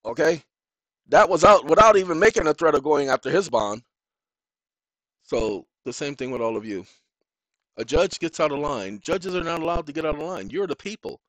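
A man's voice: a little high, lively intonation, normal speed, fairly bright tone, no echo, poor audio. Blunt, emphatic man lecturing. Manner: blunt, emphatic, lecturing, repeats phrases for stress; informal street-style speech. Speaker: self-help legal educator. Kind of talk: direct-to-camera lecture.

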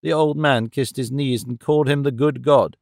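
Male audiobook narrator, measured steady reading, middle pitch, dry close mic. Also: gravelly, no room sound. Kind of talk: scripted narration.

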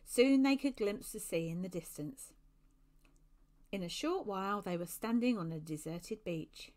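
Expressive woman reading a storybook. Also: medium pitch, unhurried. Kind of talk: reading a children's book aloud.

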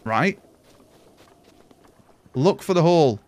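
Excitable man streaming a game. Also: on the high side, slow pace, no room sound. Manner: excitable, chatty, swears often, thanks viewers. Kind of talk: live gameplay commentary.

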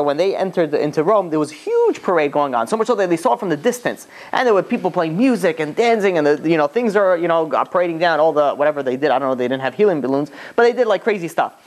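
A man, a rabbi, retelling a rabbinic story as a class in a loose, chatty way with frequent restarts and asides. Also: on the high side. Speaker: rabbi teaching.

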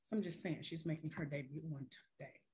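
A woman's voice: deep voice, a little fast, warm tone. A woman life coach on a live stream who talks straight to her viewers with casual slang and rhetorical questions.

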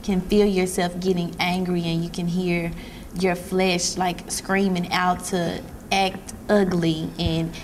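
A woman sitting on a church talk show panel who speaks in a plain, steady way. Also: fairly low pitch, takes it slowly, slight background noise. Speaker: panel guest.

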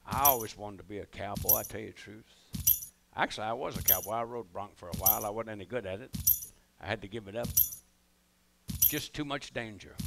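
A man's voice: medium pitch, gravelly, noisy background. An older man doing live stand-up storytelling on stage, folksy and rambling, with drawling asides to the audience. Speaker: comedian and musician on stage.

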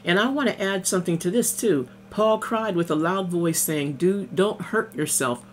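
Her pitch is fairly low and her speed normal, with a faint hiss or hum in the background. She's a minister giving an easygoing morning-coffee sermon, reading scripture, explaining it conversationally, and sprinkling in plenty of amens and hallelujahs.

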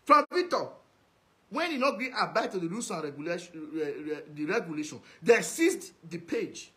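High-voiced scolding man, Nigerian Pidgin. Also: sing-song, normal speed, fairly bright tone. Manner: scolding, repetitive, insulting. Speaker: social media commentator. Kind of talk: ranting video message.

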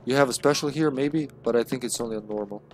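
A man's voice: mid-range voice, fast, a little mellow, a little hiss or hum. A man streaming a video game, giving casual, chatty commentary with swearing and laughter. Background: game music.

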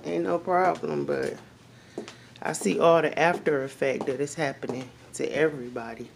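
A man's voice: fairly high pitch, steady tone, moderate pace, vocal fry. A man vlogging in a car, talking bluntly and cursing freely. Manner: blunt, profane, laughs often. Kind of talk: casual vlog chat. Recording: noisy car recording.

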